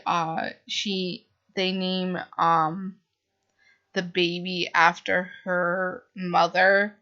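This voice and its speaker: Woman book reviewer, unhurried, heavy on fillers, slightly dull lo-fi sound. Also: mid-range voice, bright, forceful tone. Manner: gushing, full of "like" and "um" fillers.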